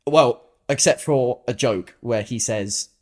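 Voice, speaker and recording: A man's voice: mid-range voice, takes it slowly, a little mellow. A young man co-hosting a podcast in casual chat, often trailing off mid-sentence. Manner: chatty, trails off mid-sentence, says "mate". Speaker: podcast co-host.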